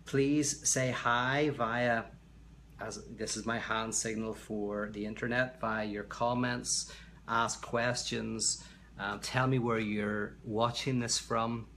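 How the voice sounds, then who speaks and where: A man's voice: mid-range voice, steady tone, slow, a bit bright, a little hiss or hum. A man from Belfast, hosting a casual livestream from his home, chatty and rambling, reading out viewer comments. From Belfast, Northern Ireland. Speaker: livestream host. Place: at home, indoors.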